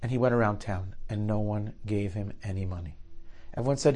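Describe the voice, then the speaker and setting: Animated male storyteller. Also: a little fast. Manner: lively, shifts pitch and volume for quoted characters; uses Yiddish and Hebrew terms. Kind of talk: spoken storytelling.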